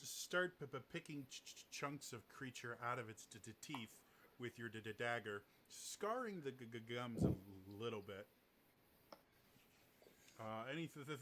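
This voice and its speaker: A man's voice: mid-range voice, fairly bright tone, slight background noise. A man narrating as game master, with a heavy stutter that catches on first sounds of words.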